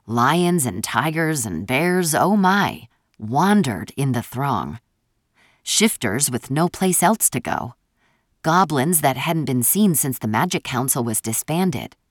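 A woman reads a first-person fantasy story with a wry, expressive delivery. Her voice sits low but moves a lot in pitch, and the recording is close and dry. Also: takes it slowly, no echo. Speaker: audiobook narrator. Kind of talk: scripted audiobook narration.

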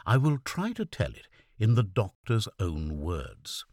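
A man narrating a classic story as an audiobook, in a measured, expressive storytelling manner. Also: lowish voice, no room sound, studio quality.

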